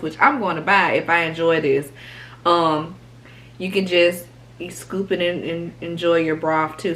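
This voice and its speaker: A woman hosting an eating video, chatting casually and warmly about her food while she eats. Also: on the low side, slight background noise, poor audio. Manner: chatty, talks through meals. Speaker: mukbang host.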